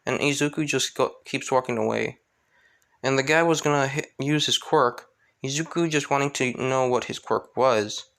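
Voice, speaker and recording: A man's voice: mid-range voice, moderate pace, vocal fry, fairly bright tone. A young man casually narrating a fan story, rambling with frequent restarts and hesitations.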